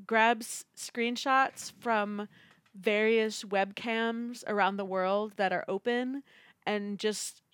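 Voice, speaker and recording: A woman talking casually on a book podcast, chatty and quick with her asides. Her voice sits in a middle register. The sound is dry and close, with no room around it. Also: mid-range voice, fairly even intonation, fairly bright tone, clean tone, no echo. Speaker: podcast co-host. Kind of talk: casual book-club chat.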